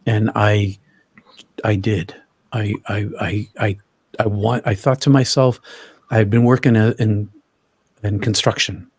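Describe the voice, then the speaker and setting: A man telling his own story as an interview guest, halting, often restarting and repeating words. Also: lowish voice, little pitch movement, slightly rough, dry recording.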